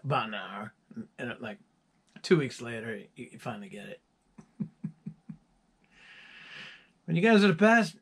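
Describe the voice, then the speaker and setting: A musician chatting casually to his viewers, rambling through stories with chuckles. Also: medium pitch. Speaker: musician presenting his album.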